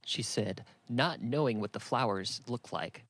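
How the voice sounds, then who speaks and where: A man narrating an audiobook in an even, matter-of-fact reading. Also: mid-range voice, a little slow, few pauses, dry recording. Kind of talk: scripted narration.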